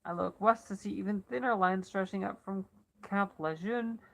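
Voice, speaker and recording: A woman's voice: mid-range voice, normal speed, gravelly, poor audio. A woman reading a first-person novel aloud as elocution practice, with asides and self-corrections. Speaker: reader.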